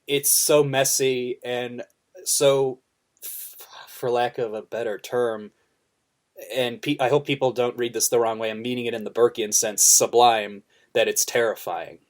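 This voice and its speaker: A man with a mid-range voice picks his way through ideas about a film on a podcast. He hesitates, fills pauses and restarts his sentences as he thinks aloud. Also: medium pitch. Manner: thoughtful, hesitant, many fillers and restarts. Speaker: podcast co-host. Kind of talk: casual film discussion.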